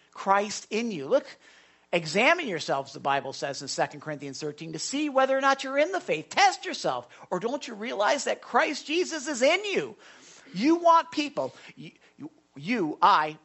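A pastor preaching a sermon, emphatic, often urging the listeners to listen and reading scripture aloud. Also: slightly rough. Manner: rises and falls sharply in pitch and loudness.

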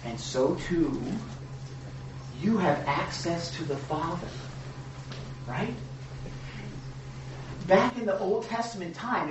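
A man's voice: high voice, background noise. A man preaching a sermon in a conversational, rambling way, often checking in with his listeners. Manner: conversational, rambling with restarts and rhetorical "right?". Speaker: pastor. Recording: echoey room, mic far off.

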